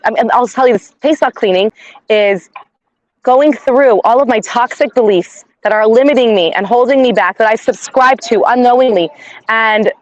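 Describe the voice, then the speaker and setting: A woman's voice: fairly high pitch, dry recording, dull audio. A woman giving an inspirational class in a conversational way, often adding "like" and "right?". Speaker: class teacher.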